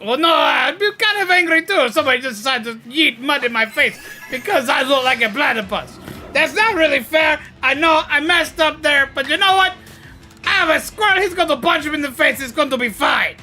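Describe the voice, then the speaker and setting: Man, live game streamer, excitable, frazzled, bright voice, faint music behind. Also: very high-pitched, a little fast. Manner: excitable, exclaiming, thanking donors. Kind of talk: live gaming stream chat.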